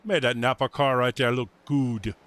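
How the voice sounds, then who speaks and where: A man's voice: mid-range voice, fairly even intonation, normal speed, a bit bright, close to an everyday voice. A man putting on a playful Cajun voice of a food-loving local during sim racing commentary. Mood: jovial.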